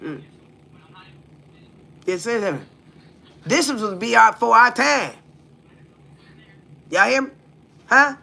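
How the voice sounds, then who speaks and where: A woman streamer from the United States talks bluntly, with plenty of profanity, and keeps firing questions at her viewers. Her voice is gravelly with heavy fry, and it sits very bright and tense at the front. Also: a little high, expressive, takes it slowly, pauses often. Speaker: livestream host. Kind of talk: casual livestream talk.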